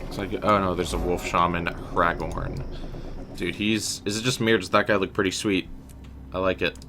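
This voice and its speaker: Over background noise, a young streamer comments casually as he plays, joking with viewers, slipping into slang, and greeting chat as "guys." His deep voice stays fairly even in pitch and moves at a moderate pace through this let's-play talk.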